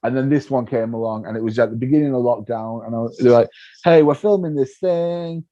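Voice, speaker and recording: A man, a comedian being interviewed, telling stories in a lively way, acting out what people said and laughing often. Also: mid-range voice, racing. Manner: animated storyteller, acts out voices, laughs often. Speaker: comedian guest. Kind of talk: casual interview chat. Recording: dull lo-fi sound.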